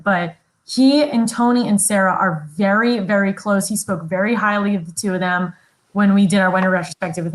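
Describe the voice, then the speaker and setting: A woman's voice: medium pitch, poor audio. A young woman co-hosting a podcast, chatting in an upbeat, giggly way. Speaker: podcast co-host. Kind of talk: casual podcast chat.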